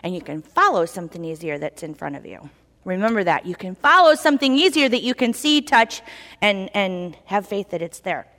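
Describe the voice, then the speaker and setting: A woman giving an informal sermon in a church, chatty and animated, acting out little voices as she tells the story. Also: medium pitch, brisk. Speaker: lay preacher. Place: church hall. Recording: reverberant hall.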